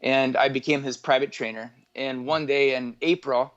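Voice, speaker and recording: The recording is dull, and the man's mid-range voice stays fairly level as he talks quickly with few pauses. He is a forties-aged entrepreneur from northwest Indiana, USA, rambling through his life story for an interviewer with lots of filler words and self-corrections.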